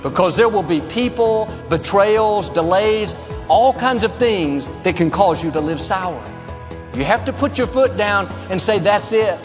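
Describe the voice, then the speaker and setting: A man's voice: high-pitched, animated, measured pace, big-room sound, music in the background. A man preaching a sermon as pastor, upbeat and emphatic, telling a joke to the congregation.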